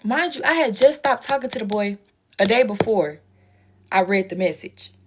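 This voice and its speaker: A woman's voice: mid-range voice, normal speed, background noise. A woman, telling a profane, slang-filled story in a casual story-time chat and acting out everyone's lines. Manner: animated, profane, slangy storytelling with quoted voices.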